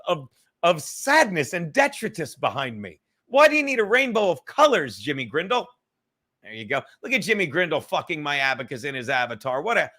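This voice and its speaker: A man's voice: high-pitched, pushed and bright. A man, a comedian hosting a livestreamed podcast, chatting casually and rambling with plenty of swearing and jokes from home. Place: at home in a cluttered room.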